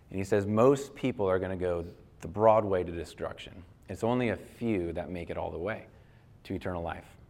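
A middle-aged male pastor preaching a sermon in an earnest, conversational way, with restarts and fillers. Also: on the low side.

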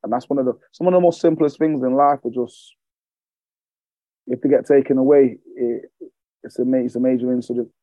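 A man with a mid-range, warm, steady voice talks a little fast but pauses often, on a lo-fi recording with no room sound. He's a fitness coach from England guesting on a podcast, telling candid, emotional stories with free swearing and repeated phrases for emphasis.

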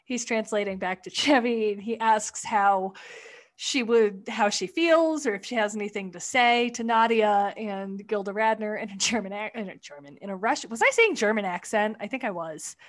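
A woman co-hosting a casual chat, retelling comedy sketches in a blunt, profane, animated way. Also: medium pitch, normal speed. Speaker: podcast co-host.

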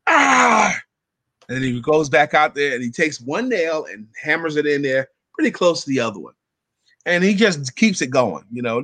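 A man tells a parable with lively, acted-out quotes. His voice sits a bit high and rings bright and forceful. The sound is dry and close. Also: no room sound. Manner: animated storyteller acting out quotes. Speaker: guest. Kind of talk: storytelling a parable.

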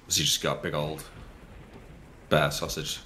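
A man's voice: very deep voice, completely flat delivery, unhurried, sharp tone, a little hiss or hum. A man joking playfully as a player in a tabletop game. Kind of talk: casual tabletop game chat.

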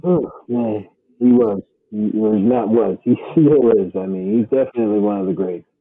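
Laid-back male host, husky, dry close sound, phone-line tinny audio. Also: on the low side, big pitch swings, moderate pace, no echo. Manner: laid-back, rambling with fillers. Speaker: podcast host. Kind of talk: casual chat.

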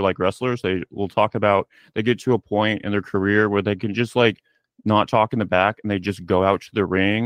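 A man's voice: lowish voice, smooth, dry recording. A man hosting a podcast, asking thoughtful questions full of fillers in a casual chat. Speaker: podcast host. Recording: dry, muffled mic.

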